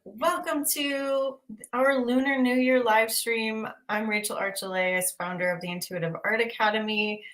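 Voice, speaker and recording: A woman's voice: medium pitch, pushed and bright, low-quality recording. A woman hosting a livestream as a spiritual teacher, talking in a bubbly, enthusiastic, effusive way. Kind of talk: livestream casual chat.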